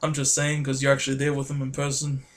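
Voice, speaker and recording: A man, vlogging in a casual, rambling and excitable way, full of fillers. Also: mid-range voice, fast talker. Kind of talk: casual chat to camera.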